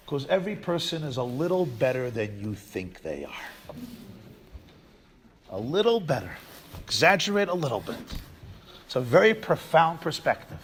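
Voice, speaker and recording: A man preaches a memorial sermon earnestly, pressing his points with rhetorical questions. His voice is high and very lively in pitch. It has a husky edge. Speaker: rabbi. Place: community campus hall.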